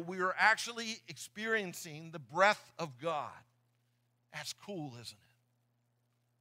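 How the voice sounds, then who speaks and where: A man's voice: sits high, bright, forceful tone. A middle-aged man preaching a sermon in church, earnest and often repeating his words as he talks. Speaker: pastor. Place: church sanctuary.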